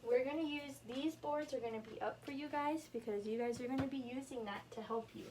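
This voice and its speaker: A young woman teacher walks a class through a grammar lesson, her voice a little high and encouraging as she works at the board. She is recorded by a camera across the classroom, so she sounds distant, with faint room noise underneath. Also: steady tone, darkish tone. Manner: encouraging, slow and deliberate at the board.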